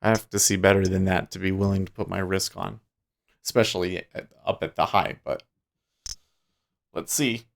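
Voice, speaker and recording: Low gravelly man musing over live trades. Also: normal speed, long pauses. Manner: relaxed, thinks out loud, drowsy and rambling. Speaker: day trading livestream host. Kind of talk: casual live market commentary. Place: home trading desk with large screens.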